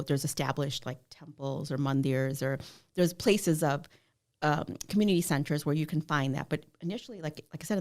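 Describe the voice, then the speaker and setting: A middle-aged woman guest telling stories in a casual interview, animated and laughing often. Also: sits low. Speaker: podcast guest.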